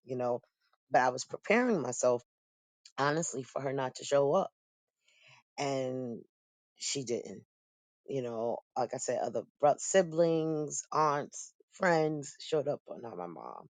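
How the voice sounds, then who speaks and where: A middle-aged woman giving a personal testimony in a lively, storytelling way, often breaking into laughter. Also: extremely low pitch, unhurried, no room sound. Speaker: guest sharing testimony.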